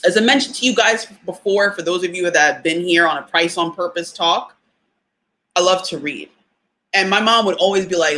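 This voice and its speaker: A woman hosting a casual live talk for listeners, chatty and animated, laughing often and using fillers. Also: fairly low pitch, normal speed. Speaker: podcast host.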